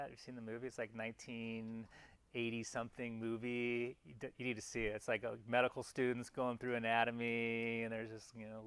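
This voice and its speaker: A man's voice: medium pitch, a bit bright, clear, resonant tone. A man giving a classroom anatomy lecture in a casual, chatty way, often restarting mid-phrase and pointing out parts on slides as he goes. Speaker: anatomy instructor.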